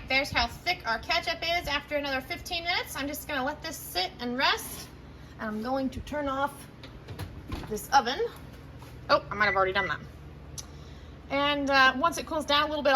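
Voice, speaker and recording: Her voice is a little high and bright with a forceful edge, and there's slight background noise. She's chatting casually while cooking dinner at home, filming on a handheld phone, and her talk rambles with frequent self-corrections.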